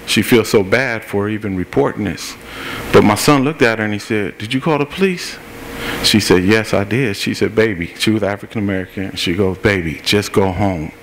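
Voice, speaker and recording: A man's voice: fairly low pitch, a little fast, slight background noise. A middle-aged man, an activist at a public forum, giving a plain-spoken personal account step by step and acting out what each person said. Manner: plain-spoken, recounts events step by step and acts out what people said. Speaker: activist speaking at a political forum. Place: forum meeting room.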